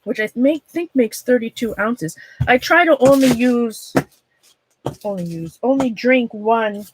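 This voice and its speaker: Against a noisy background, a woman with a higher voice and a Minnesota accent hosts an art livestream. She talks casually with viewers as she works on a craft demonstration. Her speech rambles, she interrupts herself mid-thought, and laughter comes often.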